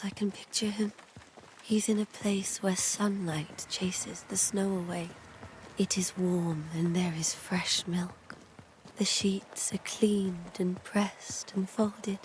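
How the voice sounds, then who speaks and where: A woman playing a gentle grieving widow. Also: mid-range voice, little pitch movement, takes it slowly, a little hiss or hum, close to an everyday voice. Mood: wistful. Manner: soft, tender, sorrowful.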